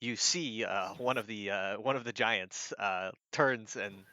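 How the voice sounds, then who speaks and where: Brief: male game master, halting narration, bright tone, dry muffled recording. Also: on the low side, no room sound. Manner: halting, heavy with fillers.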